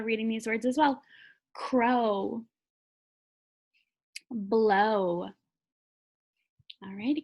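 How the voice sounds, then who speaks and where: A young adult woman teaching a classroom phonics lesson in a patient, sing-song teacher voice. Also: fairly high pitch.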